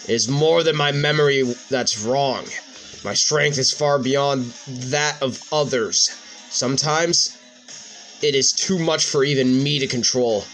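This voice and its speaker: A man's voice: medium pitch, a little slow, a bit bright, soft background music, low-quality recording. A man reading a troubled brooding young king.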